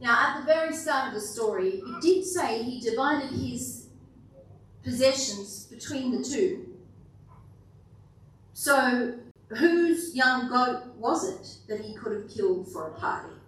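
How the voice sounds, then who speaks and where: A woman's voice: fairly high pitch, lively intonation, takes it slowly, fairly bright tone. A woman pastor giving a sermon to a congregation in a conversational, playful way, often putting questions to the room. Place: church hall with a congregation. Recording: very echoey hall, distant mic.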